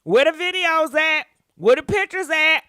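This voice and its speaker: Sassy high-voiced woman gossip host. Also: expressive, measured pace, sharp tone, dry recording, studio quality. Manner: sassy, laughing, talks back at celebrities. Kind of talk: casual live gossip commentary.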